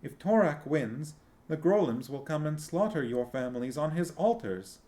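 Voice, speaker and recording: A man reading a novel aloud and voicing a small, fiery young princess who speaks in a high, tearful, pleading way. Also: expressive, normal speed, warm tone, lightly acted.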